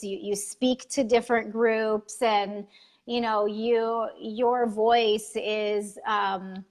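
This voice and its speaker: A woman hosting a casual chat, gushing with praise and often restarting her sentences. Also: medium pitch. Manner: gushing, halting, many restarts. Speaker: podcast host.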